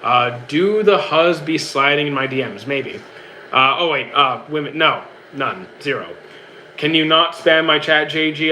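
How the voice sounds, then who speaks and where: A man's voice: on the high side, moderate pace, pushed and bright, slight background noise, poor audio. A young man from Canada, a streamer casually answering chat questions in an easygoing, rambling way with many restarts.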